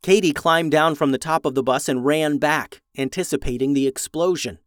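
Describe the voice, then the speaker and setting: Male storyteller, fairly high voice, dry close sound, animated reading for kids. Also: normal speed, clear, resonant tone, no echo. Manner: animated, raises voice for characters' lines. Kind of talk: children's story narration.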